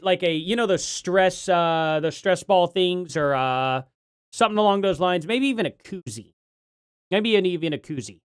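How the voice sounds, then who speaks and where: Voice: medium pitch, clean tone, no room sound. Dry-voiced, rambling live streamer. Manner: rambling, jokey, rising to heated rants. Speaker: streamer reacting to a debate.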